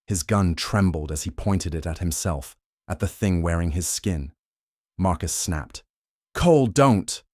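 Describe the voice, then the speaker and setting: A man giving tense, measured scripted narration of a detective thriller. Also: deep voice, fairly even intonation, a little mellow, no echo, clean studio sound.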